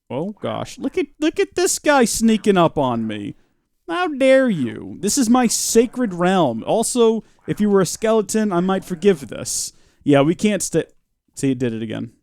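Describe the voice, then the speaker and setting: A man's voice: gravelly, darkish tone, dry recording. A young man giving playful live commentary on a game he is playing, chatting with his viewers and slipping into silly voices. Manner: playful, talks to chat, jumps into silly high voices. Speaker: streamer.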